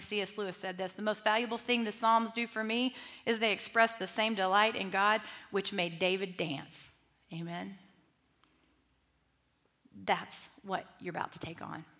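Woman, middle-aged, Bible study teacher, lively, chatty, mid-pitched. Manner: lively, conversational, with asides and restarts. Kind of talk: teaching talk to a group.

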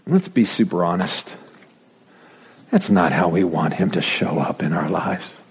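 A male pastor preaching a sermon in a playful, animated way, dropping to whispered asides as he acts out the story. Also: deep voice, measured pace, husky.

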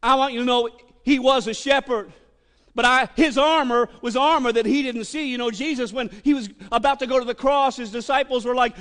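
High-voiced pastor preaching hard, big reverb from the hall. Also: male voice, steady tone, fairly quick. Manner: impassioned, emphatic, wide swings in loudness. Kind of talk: sermon.

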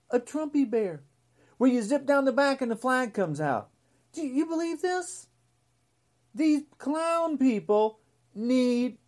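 A woman in her sixties hosts her own podcast, delivering a solo rant that's mocking and scornful. Her voice is high but darkish in tone.

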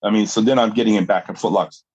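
A man's voice: on the low side, fairly even intonation, fast, darkish tone, breathy edge, dry recording, highs cut off. A middle-aged man, a guest on a podcast, telling a story with energy, laughing often and restarting his sentences. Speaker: guest, jiu-jitsu fighter and coach.

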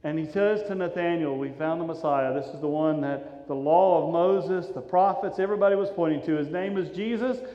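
A man, preaching a sermon in a conversational, animated storytelling way. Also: fairly high pitch, a little fast, few pauses. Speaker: pastor. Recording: roomy, reverberant, dull sound from a hall.

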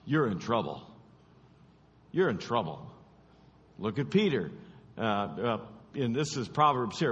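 A man's voice: very animated, measured pace, pauses often, husky. Emphatic male preacher in an echoing hall. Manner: emphatic and repetitive, often dropping to low, quiet stresses. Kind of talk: sermon.

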